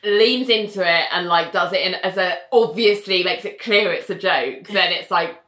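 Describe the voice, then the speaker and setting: A woman's voice: on the low side, moderate pace. A woman recapping a TV scene in casual chat, acting out the characters' lines in voices. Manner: animated, acts out scenes in voices. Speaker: podcast co-host recapping a TV show. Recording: echoey room.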